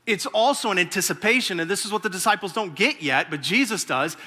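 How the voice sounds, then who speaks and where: During a sermon in a large church hall, a pastor in his forties tells a personal story in an animated way, acting out the quotes as he goes. His voice sits high and moves fast, and the recording carries a long hall reverb.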